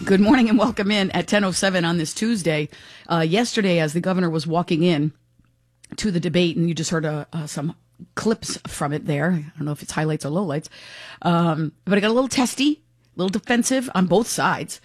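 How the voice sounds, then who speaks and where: A woman's voice: on the low side, a little fast, dry recording, clean studio sound. A woman hosting a talk radio show, chatting frankly and giving her opinions in a casual, unscripted way. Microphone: studio microphone.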